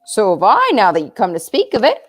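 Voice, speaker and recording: An earnest, kindly talking beaver from a storybook, read aloud by a woman. He speaks in a folksy drawl, his lively voice swooping high and low as he explains and warns. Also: fairly quick. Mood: warning.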